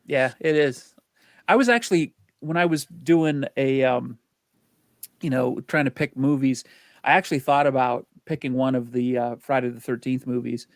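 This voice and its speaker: A man's voice: mid-range voice, normal speed, no room sound, studio quality. A man co-hosting a movie podcast, chatting casually with easy chuckles and reading off ratings and facts. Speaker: podcast co-host. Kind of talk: casual chat about movies.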